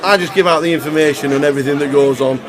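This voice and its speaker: A man's voice: fairly high pitch, steady tone, rapid-fire. A man hosting a poker live stream, rambling jovially through thank-yous and repeating himself. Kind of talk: live stream presenting and thank-you speech. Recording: loud crowd around the mic. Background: crowd noise.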